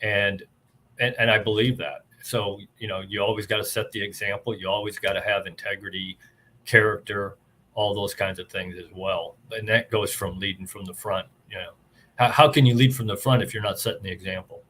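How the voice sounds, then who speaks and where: A man's voice: fairly low pitch, steady tone, a little fast, a bit bright, slight background noise. An older man, a retired army officer, talking earnestly and plainly about leadership as an interview guest.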